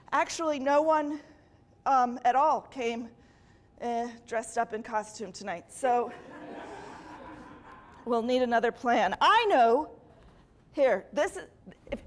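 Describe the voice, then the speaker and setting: A woman hosts a comedy show, playful and giggly as she tells a story. Her voice is high, and she takes her time with every line. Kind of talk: stand-up storytelling to a live audience.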